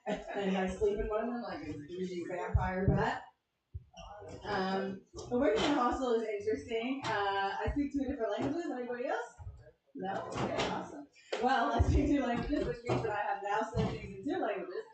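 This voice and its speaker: A woman performing a deadpan, self-deprecating stand-up set on a comedy club stage, asking the crowd questions between jokes. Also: on the high side, normal speed, heavy background noise. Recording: echoey club room from far off, crowd laughter. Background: audience laughing.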